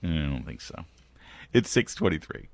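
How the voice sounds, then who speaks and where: A man's voice: a bass voice, very animated, moderate pace, gravelly, a little mellow. An American man hosting a morning talk radio show, sardonic and fond of reading quotes aloud with mock emphasis. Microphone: studio microphone.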